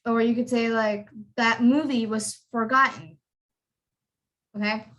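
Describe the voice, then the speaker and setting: A woman leads an online accent lesson over a video call. Her voice is bright and sits a little high. She repeats each word several times and asks her students to echo it back. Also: fairly even intonation, measured pace, lo-fi sound. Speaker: accent tutor.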